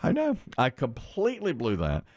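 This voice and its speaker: A middle-aged male radio host in casual banter, with a mid-pitched voice that swings widely as he tells stories. He acts out the quoted lines with big leaps in his voice. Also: wildly swooping pitch, normal speed, a little mellow.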